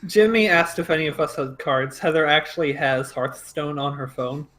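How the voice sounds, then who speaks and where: Wry man with a higher voice. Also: moderate pace, sharp tone. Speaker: player. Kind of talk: casual tabletop game chat.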